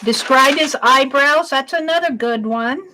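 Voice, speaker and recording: A woman hosting an art livestream, slowly reading out her viewers' questions one by one and praising them as she writes them down. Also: high voice, pushed and bright, a little hiss or hum. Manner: slow, reads out each viewer question and praises it.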